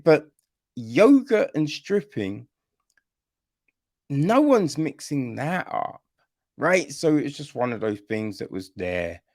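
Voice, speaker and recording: A man's voice: medium pitch, gravelly, no room sound, studio quality. A man giving a casual film review on a podcast, exasperated, and ending his points with "right?". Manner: exasperated, repeats "right?" often.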